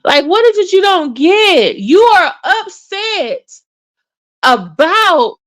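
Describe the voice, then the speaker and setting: A woman giving casual, sassy commentary on online drama, acting out what others said and sighing in disbelief. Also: high voice. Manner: sassy, animated, acts out quotes with sighs. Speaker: YouTube commentator.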